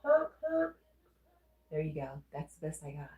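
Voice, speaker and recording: In a reverberant space, a woman's low, dark voice keeps a level tone and a fast pace. She is a congested, Southern-accented livestream host who chats casually, reading viewer comments aloud and responding.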